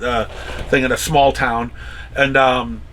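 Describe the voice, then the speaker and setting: A man's voice: mid-range voice, flat delivery, slow pace, fairly bright tone, slight background noise. A man hosting a casual podcast chat, rambling through stories with many restarts and acting out quotes. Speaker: comic shop owner and podcast host.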